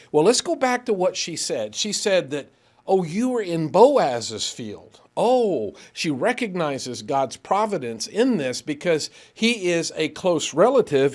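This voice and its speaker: A man leads a Bible class in a church, reading scripture aloud and explaining it. His voice sits a little high, and he grows animated, hurrying when excited before checking himself to slow down. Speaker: preacher.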